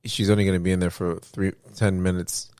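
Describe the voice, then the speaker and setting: A man co-hosting a podcast, retelling events in a rambling, animated way with many restarts. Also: sits low, a little fast, clear, resonant tone, no room sound. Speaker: podcast co-host. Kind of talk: casual podcast chat.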